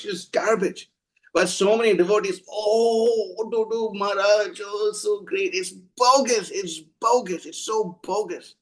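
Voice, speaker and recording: A man's voice: sits high, rough recording. A man giving an informal devotional talk, blunt and scolding, often restarting his sentences. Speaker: devotional preacher.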